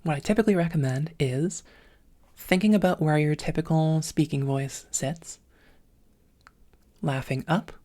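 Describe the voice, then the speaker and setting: A woman's voice: low-pitched, measured pace, pauses often, dark tone. Thin, smoky-voiced woman coaching voice. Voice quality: thin and smoky, with some vocal fry. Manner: methodical, breaking sounds into parts, with many "um"s. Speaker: voice training coach. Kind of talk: instructional voice lesson.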